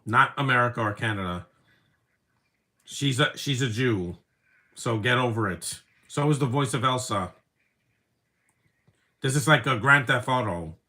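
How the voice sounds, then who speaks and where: Bright-voiced man rambling over a movie. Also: mid-range voice, animated, a little slow, long pauses. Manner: rambling, opinionated asides. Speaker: movie commentator. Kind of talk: casual live movie commentary.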